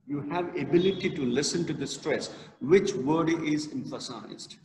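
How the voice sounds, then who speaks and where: A male college lecturer gives a classroom lesson, talking slowly and leaning hard on key words. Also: fairly high pitch, background noise. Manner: slow, emphatic, stresses key words. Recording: echoey hall, reverberant.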